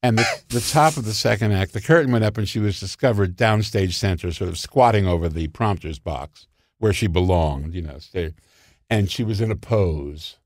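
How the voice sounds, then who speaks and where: A man telling show-business stories in casual conversation, animated and theatrical, acting out quotes. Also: on the low side, moderate pace, no echo, studio quality. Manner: animated, theatrical storyteller who acts out quotes. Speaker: guest storyteller.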